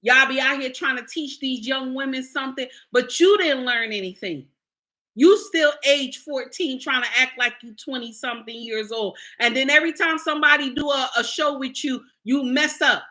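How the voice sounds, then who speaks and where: Woman, blunt and preachy, high voice, middle-aged. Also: moderate pace, sharp tone. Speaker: content creator. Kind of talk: livestream commentary rant.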